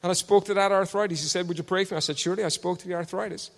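A man preaching a testimony sermon, swinging between loud shouted proclamations and hushed storytelling. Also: high voice, fairly even intonation, racing, vocal fry, few pauses. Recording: long hall reverb.

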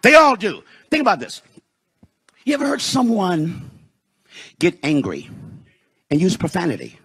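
A pastor from Detroit preaching a sermon in a church, rising into shouted, sung peaks and slowing for emphasis. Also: male voice, sits high, wildly swooping pitch, husky. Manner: preaching with shouted, sung rises and dramatic slowdowns. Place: church sanctuary.

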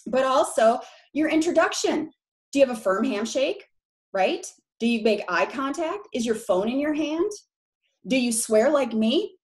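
A woman in her forties with a Minnesota accent and drawn-out long O's, speaking in a slightly high voice. She gives a live presentation to real estate agents in a frank, chatty way and keeps checking in with her audience. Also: animated, a little mellow. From Minneapolis, Minnesota, USA.

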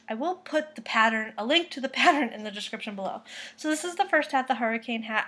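A woman's voice: a little high, a bit bright. A woman from Boston chatting casually to camera as a knitting vlogger, with many fillers and restarts. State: close to tears, subdued. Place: home kitchen.

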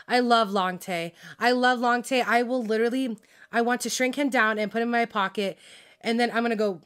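A woman ranting about a TV drama in a casual, heated vlog, swearing constantly, full of fillers, laughing and losing track of names. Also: medium pitch. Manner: heated, profane, filler-heavy venting with laughs; frazzled, loses track of names. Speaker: drama reaction vlogger.

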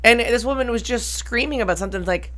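A woman's voice: a little high, fast talker, a bit bright. A woman co-hosting a podcast, telling stories in a rambling, swearing, casual chat. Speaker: podcast co-host.

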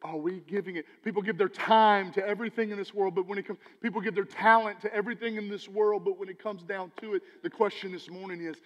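Animated preacher, high voice, church hall reverb. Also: male voice, quick pace, hardly any pauses, muffled recording. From Texas. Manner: animated, preachy, swings between loud emphasis and quiet asides. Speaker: pastor. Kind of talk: sermon. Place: church sanctuary.

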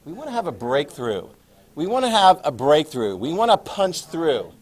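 A man's voice: a little high, very animated, moderate pace. A man voicing an army commander plotting a breakthrough. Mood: scheming. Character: scheming male army commander planning an attack.

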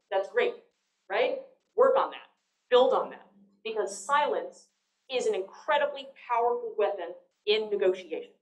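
A woman giving a lively, conversational public lecture on negotiation, often checking in with the audience. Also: on the high side. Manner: lively, conversational, frequent "right?" tags. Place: lecture hall. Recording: echoey lecture hall.

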